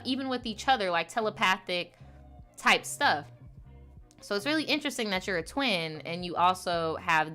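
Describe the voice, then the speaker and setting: A woman with a bright, forceful voice hosts a relaxed show. She reads viewer letters aloud and breaks in with chatty, playful asides full of fillers. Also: mid-range voice. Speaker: podcast host reading viewer stories. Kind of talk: casual chat, reading letters aloud.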